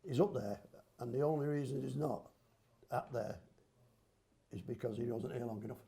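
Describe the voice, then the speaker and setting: Medium pitch, moderate pace, a creaky and dark tone: that's the voice of an older man, a grandfather guesting on a podcast. He tells rambling football tales in casual local slang, a homely storyteller in relaxed conversation.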